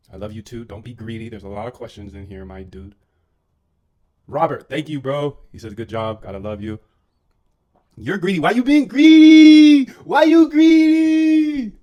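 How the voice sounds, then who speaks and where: Laid-back low-voiced man coding live. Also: darkish tone. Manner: loose slangy banter with chat; eating while talking. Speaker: livestreaming coder and trader. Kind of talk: casual live coding stream.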